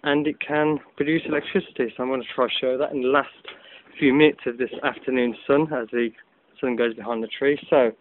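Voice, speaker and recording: A man's voice: medium pitch, steady tone, a little fast. A man casually demonstrating a gadget outdoors, chatting loosely with many ums and restarts, recorded on a phone. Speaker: hobbyist video maker. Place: outdoors in afternoon sun. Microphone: phone camera. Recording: tinny phone-like audio.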